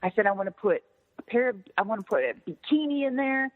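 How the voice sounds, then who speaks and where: A middle-aged woman recounts old stories with lively, swooping pitch, swearing as she goes and playing out each side of the conversation. Her voice comes through a thin, phone-like line with a long echoing tail. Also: fast. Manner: profane, animated, acts out others' lines. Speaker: interview guest, former wrestler. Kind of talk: casual storytelling interview. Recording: tinny phone-line audio with long reverb.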